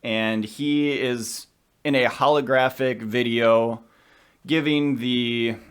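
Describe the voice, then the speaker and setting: A man's voice: mid-range voice, fairly even intonation, fairly bright tone, smooth. A man co-hosting a podcast, chatting casually and with strong opinions about a film. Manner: chatty, opinionated, quick asides. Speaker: podcast co-host.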